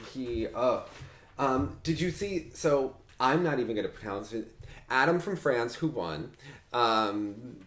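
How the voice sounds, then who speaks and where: A man co-hosting a casual podcast chat, gushing and animated as he talks. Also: medium pitch, roomy sound. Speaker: co-host.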